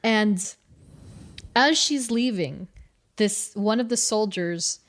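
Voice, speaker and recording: A woman co-host with an average-pitched voice who tells a comic story casually. She laughs often and fills her sentences with likes and ums. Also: slow pace. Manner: animated storytelling, laughing often, many fillers. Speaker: podcast co-host. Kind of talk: casual comics recap chat.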